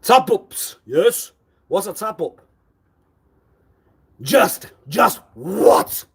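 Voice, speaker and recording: Husky man firing accusing questions. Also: high voice, big pitch swings, extremely slow. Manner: repetitive, insistent. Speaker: livestreamer. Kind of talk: live-stream monologue.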